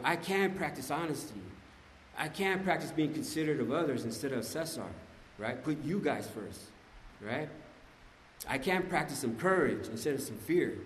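Man, somewhat high voice, animated slangy testimony to a group, long hall reverb. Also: slight background noise. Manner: animated, slangy storytelling, often addressing the room. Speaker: speaker sharing at a recovery meeting. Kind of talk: personal recovery testimony to a group.

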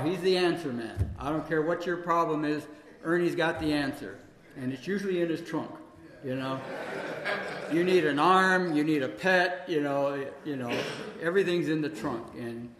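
A man with a fairly high, slightly bright voice tells a long personal story live, rambling loosely and conversationally with fillers like "you know" and "man." The recording has the echo of a hall and some faint noise.

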